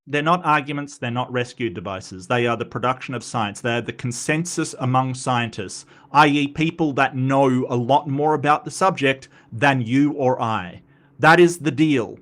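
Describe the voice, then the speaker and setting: A man's voice: medium pitch, normal speed, fairly bright tone. A man hosting a reaction commentary, talking in an exasperated, sarcastic and mocking way. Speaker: commentary host reacting to a video.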